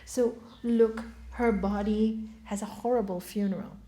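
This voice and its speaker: A woman voicing a calm, firm heavenly guide. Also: mid-range voice, unhurried, pitched below the performer's own voice, natural voice. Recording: echoey hall.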